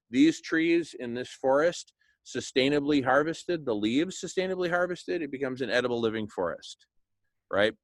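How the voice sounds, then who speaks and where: A man speaking in a medium-pitched voice, enthusiastic and animated as he pitches a plan. He keeps acting out little scenes and tagging "right?" onto his points. The sound is dry and close, with little room echo. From Hispanic background, speaks Spanish. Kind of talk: animated monologue.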